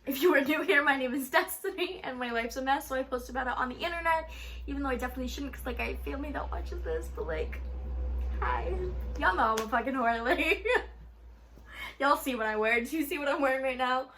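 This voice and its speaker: Chatty young woman vlogger, high voice. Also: lively intonation, fairly quick, fairly bright tone, slight background noise. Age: young adult. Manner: chatty, profane, rambling with frequent "like". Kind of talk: casual storytime vlog. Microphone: phone camera.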